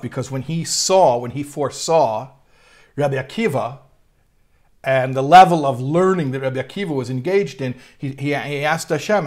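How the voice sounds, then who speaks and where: A man teaching a text study class, reading passages aloud and translating them line by line, with lively rises when he quotes. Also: medium pitch. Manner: reads Hebrew text then translates line by line; animated, voice rising when quoting. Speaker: Torah teacher.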